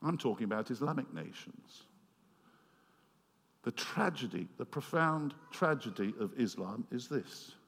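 A man preaching a sermon, retelling a story with animated swings between loud passages and quiet, earnest asides. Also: medium pitch, unhurried, gravelly, breathy edge. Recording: long hall reverb.

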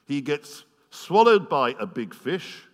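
A man preaching a sermon, retelling a story with animated swings between loud passages and quiet, earnest asides. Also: a little high, takes it slowly. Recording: long hall reverb.

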